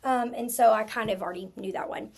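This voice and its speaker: A woman teaching a spelling lesson, who talks slowly and stretches out each sound while checking in with the class. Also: on the high side, fairly even intonation, creaky, a little mellow, breathy edge.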